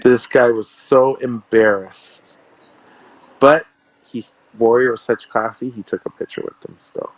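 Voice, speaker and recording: A man's voice: medium pitch, fairly even intonation, a little slow, no room sound, rough recording. A man, a sports card shop owner, telling rambling stories in a casual interview and repeating himself.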